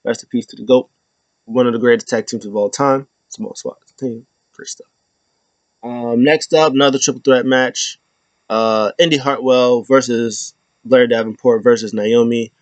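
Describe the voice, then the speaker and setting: A man talking loosely through a wrestling recap, his voice sitting in a middle range. He wanders from point to point with plenty of "uh"s and breaks into squeaky, over-the-top quotes. The sound is dry and close, with no room echo. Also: steady tone, normal speed. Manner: loose and rambling, many fillers, acts out quotes with sudden high-pitched squeals. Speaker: wrestling show host. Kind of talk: casual recap commentary.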